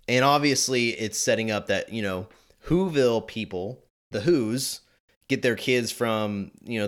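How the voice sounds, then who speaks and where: A man in his twenties giving chatty movie commentary, animated and quick to laugh. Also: lowish voice. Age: 20s. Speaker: video host.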